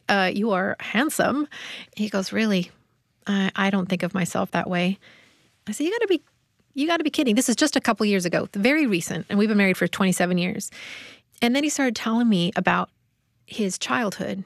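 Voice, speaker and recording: A woman's voice: medium pitch, creaky, no echo, clean studio sound. A woman who is a guest on a marriage talk show, telling a personal story candidly with some hesitation. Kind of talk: casual conversation.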